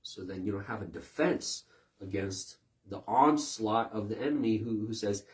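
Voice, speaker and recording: Low-voiced man preaching a sermon. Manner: animated, mimics voices in quick asides. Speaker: pastor.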